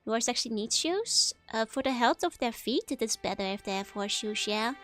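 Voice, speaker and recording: Giggly, high-voiced woman streamer. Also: expressive, brisk, over music. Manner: chatty and giggly, with frequent little laughs. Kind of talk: casual game commentary.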